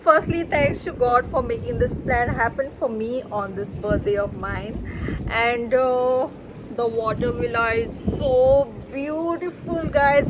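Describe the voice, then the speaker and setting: A young woman, chatting excitedly to viewers in a casual travel vlog. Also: a little high, a little slow, noisy background. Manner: chatty and excitable, keeps addressing viewers as guys. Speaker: travel vlogger. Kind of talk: casual vlog talk to camera. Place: resort villa and restaurant in hot weather.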